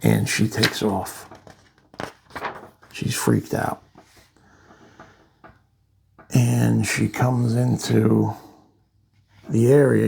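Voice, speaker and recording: A man's voice: fairly low pitch, vocal fry, mellow, slightly rough. A man reviewing a comic book in a loose, rambling way, full of fillers and restarts. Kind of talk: casual comic walkthrough.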